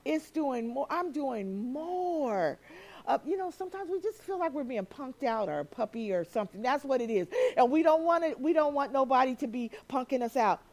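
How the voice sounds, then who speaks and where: Woman preacher, high bright pitch, lively, acts out the people she quotes. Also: fairly quick, few pauses. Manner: animated, acts out quoted voices, laughs often. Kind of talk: sermon.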